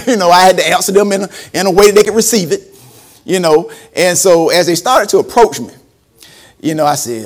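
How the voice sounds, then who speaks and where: A man's voice: high voice, a little fast. A man preaching a storytelling sermon, acting out quotes and laughing often. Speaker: preacher and former school principal.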